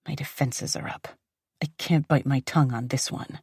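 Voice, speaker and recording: A woman narrating a dark romance audiobook in the first person, intense and dramatic, often dropping to a whisper. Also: a bass voice, steady tone, normal speed, breathy edge, no room sound, clean studio sound.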